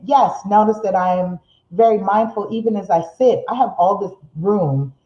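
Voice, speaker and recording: Middle-aged lady doing her live show, fast when excited then slows way down, echoey room. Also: mid-range voice. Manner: speeds up when excited, slows to make a point; reads viewer comments aloud, laughs often. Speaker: host of a motivational live show. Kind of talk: live-streamed motivational talk. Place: seated indoors in a room. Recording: roomy, slightly dull live-stream audio.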